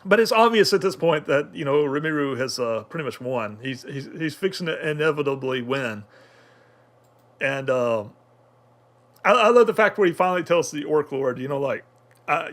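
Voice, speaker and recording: A man's voice: a little high, animated, normal speed. A man talking through an anime episode in casual review commentary, rambling with many fillers and restarts.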